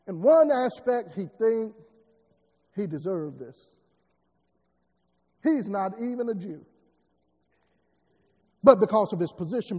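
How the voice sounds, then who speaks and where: A man's voice: high voice, darkish tone, slightly rough. A man preaching a sermon, repeating words and building emphatic rising lines. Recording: long hall reverb.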